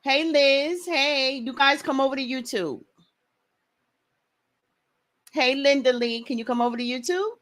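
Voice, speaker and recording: A woman hosting a casual livestream, talking fast and greeting viewers by name. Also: high-pitched, fairly even intonation, fairly bright tone. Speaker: livestream host.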